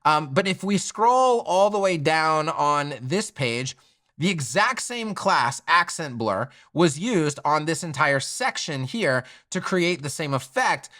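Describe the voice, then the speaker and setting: Guy doing a web design tutorial, bright forceful voice, a bit high, still getting over being sick. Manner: upbeat, direct, repeats "okay?" for emphasis. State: voice still affected by recent illness. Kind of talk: screen-share tutorial.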